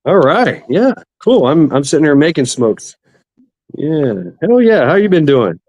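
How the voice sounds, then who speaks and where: A man's voice: fairly high pitch, lively intonation, unhurried, darkish tone, dry recording, dull audio. A man hosting a casual livestream, rambling and swearing as he greets chat viewers. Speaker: livestream host. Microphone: computer mic for online stream.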